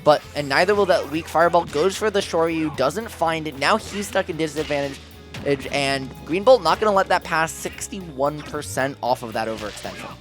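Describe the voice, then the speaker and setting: A man's voice: a little high, lively intonation, moderate pace, fairly bright tone. A man doing live play-by-play commentary on a fighting-game match, calling out moves and damage percentages. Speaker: esports commentator. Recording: music playing behind.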